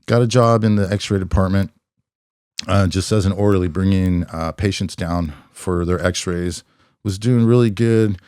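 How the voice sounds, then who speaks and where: A middle-aged man from California, a former police officer telling his story as a podcast guest in a reflective, unhurried way, with many "you know" fillers. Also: deep voice, fairly even intonation, a little mellow, clear, resonant tone, no echo, clean studio sound. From California, USA. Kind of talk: conversational storytelling.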